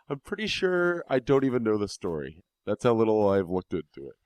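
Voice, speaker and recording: A man's voice: fairly low pitch, sing-song, normal speed, darkish tone, no room sound. A man co-hosting a podcast in casual chat, sarcastic and laughing often. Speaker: podcast co-host.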